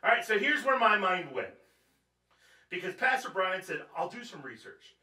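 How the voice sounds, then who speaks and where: A very animated man with a high, pushed, bright voice preaches at a church Bible study at normal speed, joking conversationally and questioning his audience. The sound is echoey, with the mic far away.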